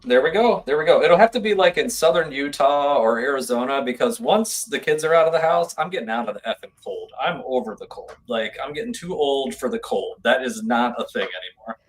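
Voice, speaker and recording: A man's voice: mid-range voice, animated, brisk, hardly any pauses. A man chatting as a guest on a live stream, easygoing and rambling, often repeating himself. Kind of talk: casual chat.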